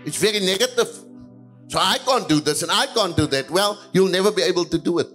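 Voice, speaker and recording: High-voiced preaching man. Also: animated, a little fast, breathy edge, soft background music. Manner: preaching with repeated hallelujahs, swinging between soft and loud. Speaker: pastor. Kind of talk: sermon.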